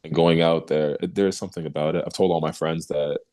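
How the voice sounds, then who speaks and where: Young man, very low voice, casual interview guest, animated storyteller, acts out quotes, laughs easily. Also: a little fast.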